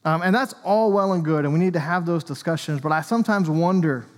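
A man's voice: fairly high pitch, a little fast, big-room sound. A man, an Anglican priest, preaching a sermon in a conversational way with joking asides. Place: church.

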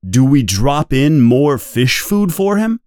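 A middle-aged police chief speaks slowly, with an uneasy, questioning edge, as a man reads his part. His voice sits a little higher than the narrator's own. The sound is dry and close. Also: sing-song, a little mellow, clean tone, dry recording. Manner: worried, questioning.

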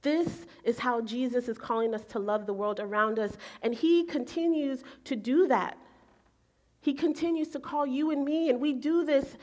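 A woman in her forties preaching, telling a personal story in an animated way and acting out her own thoughts. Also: sits high, normal speed. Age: 40s. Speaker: pastor. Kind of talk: sermon storytelling.

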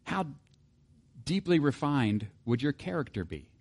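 A pastor preaching a sermon in a conversational way, often putting rhetorical questions to the congregation and reading scripture aloud. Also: male voice, mid-range voice, sing-song, a little slow, darkish tone, breathy edge.

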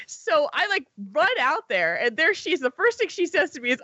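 Woman host, lively pitch, bright, dry dull-sounding recording. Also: brisk, hardly any pauses. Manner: expressive storyteller, swings between high and low. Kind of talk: casual chat.

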